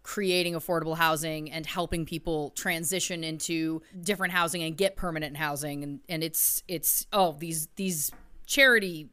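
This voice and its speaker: A woman co-hosting a podcast, telling stories in a lively way with playful asides. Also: low-pitched, moderate pace, clean tone. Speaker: podcast co-host. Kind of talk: casual chat.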